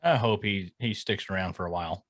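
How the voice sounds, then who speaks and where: Laid-back low-voiced man. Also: brisk, no echo. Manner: laid-back, dry jokes, short agreeing replies. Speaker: podcast co-host. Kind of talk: casual chat.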